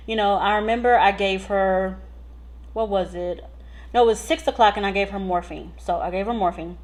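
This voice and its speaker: A woman nurse telling patient stories in a casual vlog, chatty and animated, full of "like" and "so". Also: medium pitch, moderate pace. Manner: chatty, animated retelling with lots of "like" and "so".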